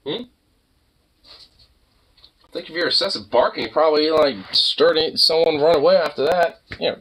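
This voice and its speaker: A man's voice: fairly high pitch, moderate pace, pauses often, fairly bright tone, a little hiss or hum. A man chatting to his pet dog in teasing baby talk, mixing cooing with swearing. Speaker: pet owner vlogger.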